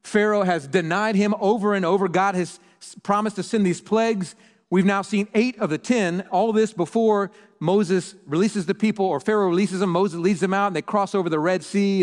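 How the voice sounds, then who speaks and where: A man preaching a sermon, telling a story in an animated way with lots of restarts. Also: high voice, fairly quick. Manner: animated storyteller, repeats words when excited. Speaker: pastor. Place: church hall. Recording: reverberant church hall.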